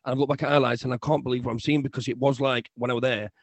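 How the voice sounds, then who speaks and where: A young man co-hosting a casual football podcast, ranting in an animated way and often repeating himself. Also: medium pitch, racing, no echo. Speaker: podcast co-host.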